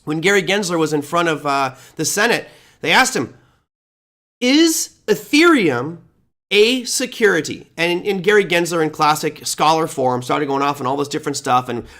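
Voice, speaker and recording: Man, fairly high voice, sarcastic, emphatic, finance commentary, live show host. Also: fairly quick, pushed and bright. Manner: sarcastic, emphatic, reads along from notes. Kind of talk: opinionated market commentary.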